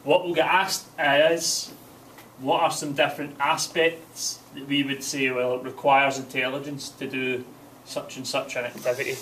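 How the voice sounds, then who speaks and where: A man teaching a relaxed revision lesson in a classroom, quizzing his pupils. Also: medium pitch, normal speed, far from the mic, a little hiss or hum, low-quality recording.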